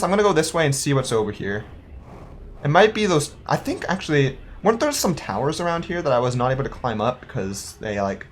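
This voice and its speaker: A young adult playing a game and chatting casually, thinking aloud, questioning themselves and laughing now and then. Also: mid-range voice. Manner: playful, quick to laugh. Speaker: let's-play gamer. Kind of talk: casual gameplay commentary.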